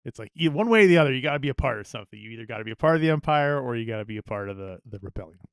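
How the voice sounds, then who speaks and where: Man, podcast co-host, animated delivery, casual riffing, dry sound. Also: medium pitch, very fast, smooth, dry recording. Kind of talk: casual chat.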